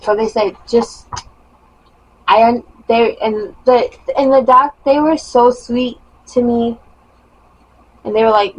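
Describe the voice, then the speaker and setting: Young woman vlogger, storytime monologue, emphatic and animated, faint hum behind. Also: on the high side, slow pace, pauses often, poor audio. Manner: animated, emphatic retelling with rising bursts.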